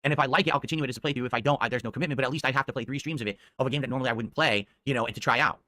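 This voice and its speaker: A man's voice: medium pitch, racing, sharp tone, no room sound, clean studio sound. A man streaming at home into a desk microphone, insistently explaining donation goals and repeating his points.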